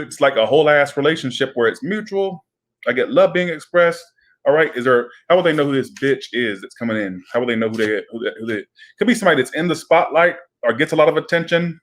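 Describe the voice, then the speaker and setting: A man giving a casual tarot reading, chatty and rambling, with frequent swearing and asides. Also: medium pitch. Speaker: tarot reader.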